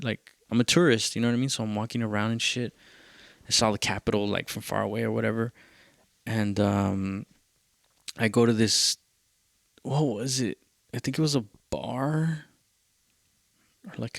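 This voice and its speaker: A man's voice: medium pitch, no room sound, studio quality. A male podcast host, telling a loose, profane story in a casual rambling way and dropping in Spanish phrases.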